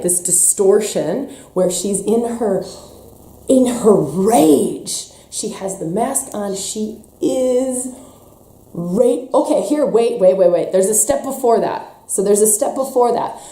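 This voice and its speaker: A woman leading a spiritual workshop talk, speaking passionately and swinging between soft and emphatic delivery, with some swearing. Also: medium pitch. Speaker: workshop leader. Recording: echoey room.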